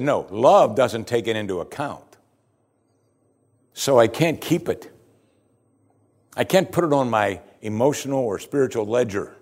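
A man preaching a sermon as pastor, earnest and emphatic, often dropping his voice to a hushed close. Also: mid-range voice, slightly rough.

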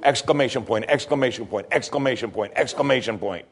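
A male pastor delivering a sermon, preaching emphatically with pitch that climbs and falls. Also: brisk, husky.

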